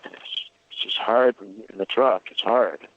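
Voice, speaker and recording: A man calling in to a radio show, talking in a halting, simple, hesitant way. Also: lowish voice, a little hiss or hum. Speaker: radio caller. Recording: muffled radio call audio.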